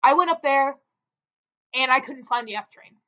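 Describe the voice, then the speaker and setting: A woman's voice: sits high, moderate pace, muffled recording. A young woman telling a story to camera in a chatty way, with many fillers. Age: young adult. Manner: chatty, filler-heavy, animated. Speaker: vlogger. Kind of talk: casual storytelling.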